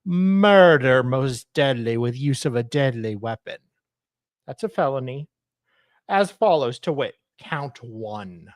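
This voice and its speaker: A man's voice: medium pitch, animated, takes it slowly, dry recording. An Australian man co-hosting a podcast, casually chatting and reading legal documents aloud in a jokey, mock-formal way. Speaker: podcast co-host.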